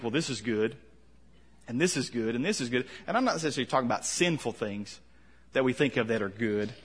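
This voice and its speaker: Husky-voiced man preaching a sermon. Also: mid-range voice. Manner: conversational, questioning, with soft dropped endings. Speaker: pastor.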